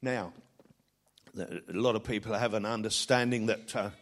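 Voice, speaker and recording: Middle-aged preacher delivering a sermon. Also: male voice, moderate pace. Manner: animated, rising to loud scripture recitation then dropping low for a story.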